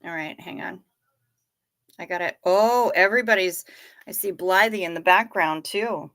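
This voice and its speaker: Slow, bright-voiced woman livestreamer. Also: lowish voice. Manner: slow, gentle and sympathetic, talking to chat. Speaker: livestream host. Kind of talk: casual livestream chat reading comments.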